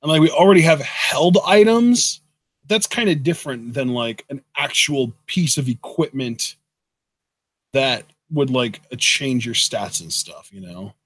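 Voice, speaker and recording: A man's voice: mid-range voice, animated, measured pace, fairly bright tone, dry recording. A man co-hosting a live-streamed Q&A show, talking casually in a laid-back way with lots of "like" fillers. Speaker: co-host of a Q&A show.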